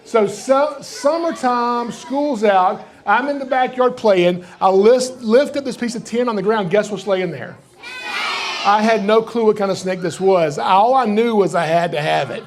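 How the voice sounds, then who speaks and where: A middle-aged Southern man with a high, light voice tells folksy stories to a live crowd at a library reptile show. He jokes easily and keeps the room engaged. His drawl carries through every story. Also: unhurried. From Georgia, USA. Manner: joking, folksy, animated storyteller. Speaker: reptile rescuer giving a library program. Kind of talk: live storytelling talk to an audience.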